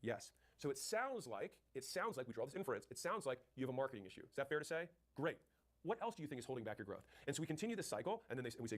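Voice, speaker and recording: Rather high and sing-song, this man's voice drives a fast sales coaching talk. He's punchy and direct, answering questions and playing both the seller and the buyer in mock sales calls.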